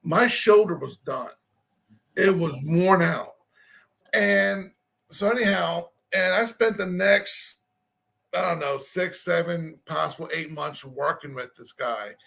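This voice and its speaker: Casual male storyteller, self-mocking, raspy fry and a bright, high tone. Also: slow pace. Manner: rambling, self-deprecating, restarts and laughs.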